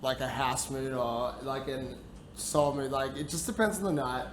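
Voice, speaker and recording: A man's voice: medium pitch, steady tone, normal speed, background noise. A young man from Ukraine, a cafe-owning guest on a talk show, speaking in a laid-back, rambling way with lots of fillers. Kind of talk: casual chat. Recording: echoey room with music behind.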